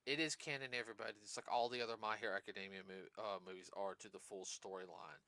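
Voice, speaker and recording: Guy rambling on his podcast, smooth voice, lots of uh and you know. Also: on the low side, fairly even intonation, fast talker, few pauses, pushed and bright, dry recording. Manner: rambling, many fillers and restarts. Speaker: podcast host. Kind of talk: casual podcast chat.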